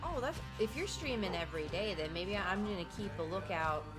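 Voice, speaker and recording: A woman's voice: mid-range voice, lively intonation, fairly quick. A young woman streamer chatting casually with her viewers, rambling and reacting to their messages. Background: music playing in the background.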